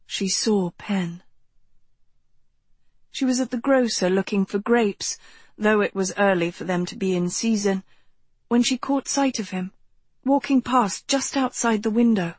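Woman, audiobook narrator, slow measured reading, soft breathy tone, dry close recording. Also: on the high side, no echo. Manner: slow, gentle, measured storytelling. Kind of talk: scripted narration.

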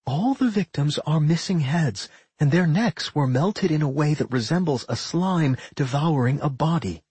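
A man voicing a worried, sharp-minded female pixie who thinks aloud and scolds her partner. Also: fairly high pitch, expressive, normal speed, husky, no echo, voice pushed up.

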